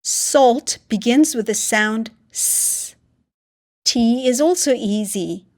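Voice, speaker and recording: A woman teaching English phonics to learners, sounding out each word slowly and repeating it. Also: on the high side, a little mellow. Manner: slow, deliberate, sounding out words with repetition. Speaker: reading teacher.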